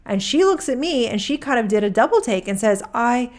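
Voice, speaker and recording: A woman's voice: a little high, big pitch swings, brisk, a little mellow. A woman reading a court transcript aloud, voicing a male witness who rambles and restarts his sentences in casual talk. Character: rambling male witness giving deposition testimony.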